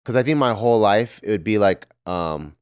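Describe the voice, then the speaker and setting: A man's voice: on the low side, expressive, moderate pace, smooth, dry recording, studio quality. A man co-hosting a podcast, telling frank and profane stories in casual chat. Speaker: podcast co-host.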